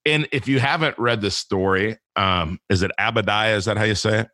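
A man's voice: on the low side, fairly quick, sharp tone, no echo, studio quality. A man talking casually about faith as a podcast guest, rambling with many restarts and fillers.

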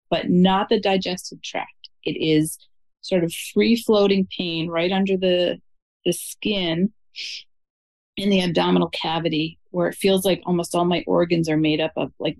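A woman's voice: fairly low pitch, fairly even intonation, moderate pace, gravelly, a little mellow, rough recording. A woman calling in to a show, earnestly describing her situation in detail. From Syracuse, New York. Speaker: caller. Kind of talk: call-in conversation.

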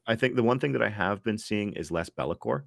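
Very low-voiced man hosting, dry close sound, casual and filler-heavy. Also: animated, fast, vocal fry, dry recording. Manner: steers the talk, filler-heavy. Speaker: podcast host. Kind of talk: casual chat.

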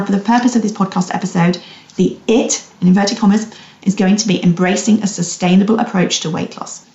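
Brief: woman podcast host, mellow and gravelly, calm coaching tone. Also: mid-range voice. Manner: gently guiding, asks the listener questions. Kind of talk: reflective solo podcast talk. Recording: roomy, slightly dull recording.

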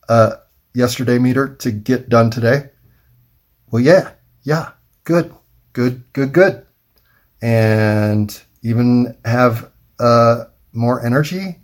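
A man rambling through a wry, self-mocking solo monologue, thinking aloud with pauses. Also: mid-range voice. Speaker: vlogger.

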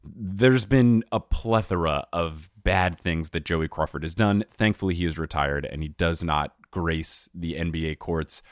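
A man hosting a casual sports podcast, telling stories in an animated way and laughing often. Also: sits low, unhurried, few pauses, dry recording, clean studio sound. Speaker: podcast host.

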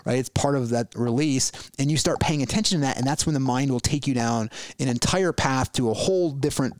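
Man, podcast host, reflective spiritual talk, mid-pitched voice, dry close sound. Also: dry recording. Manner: reflective, full of rhetorical questions and restarts.

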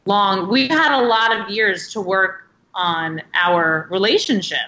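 Bright chatty woman late 30s, says like constantly, echoey kinda dull audio. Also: mid-range voice, unhurried, slight background noise. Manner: chatty storyteller, heavy use of "like". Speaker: podcast guest. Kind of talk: casual interview chat.

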